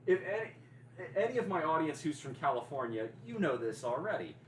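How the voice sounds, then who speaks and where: A man's voice: on the high side, big pitch swings, a little fast, slight background noise, poor audio. A man with a Southern American accent chatting casually on a livestream, joking, teasing and answering his chat. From Deep South of the US.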